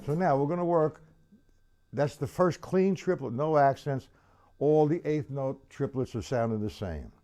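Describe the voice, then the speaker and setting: A man's voice: medium pitch, measured pace, a little hiss or hum. A man teaching a live-streamed drum lesson, chatty and loose, counting beats aloud while he plays. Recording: loud drum kit playing behind voice. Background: drum kit playing.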